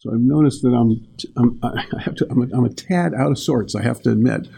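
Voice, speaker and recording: Older male speaker, gravelly low-key voice, rambling storyteller giving a morning talk. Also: fairly quick. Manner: rambling, warm storytelling with laughs. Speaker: spiritual teacher.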